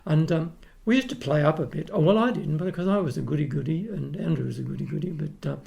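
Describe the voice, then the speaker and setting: A man's voice: a little high, quick pace, creaky, darkish tone. An older man from Australia with an Australian accent, a guest telling rambling anecdotes with frequent restarts in a casual podcast chat. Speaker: guest, retired opera tenor.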